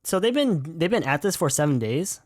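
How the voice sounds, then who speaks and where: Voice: mid-range voice, sing-song, fairly quick, darkish tone, no room sound, studio quality. A streamer casually commenting on a game they are playing, swearing often, rambling and calling themself an idiot. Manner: swearing, rambling, self-deprecating.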